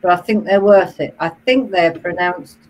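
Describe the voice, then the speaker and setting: A British woman co-hosting a web show, calmly reading out viewer comments. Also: fairly low pitch, moderate pace, rough recording. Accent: British English. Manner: calm, reads out comments between short replies. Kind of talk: casual chat.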